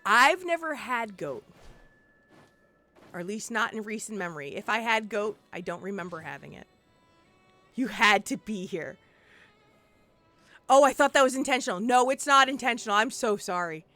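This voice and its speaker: A young woman who lived in Puerto Rico, telling rambling, profane stories on a casual game live stream and getting worked up and loud. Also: fairly high pitch, animated, normal speed, pauses often, no echo, faint music behind.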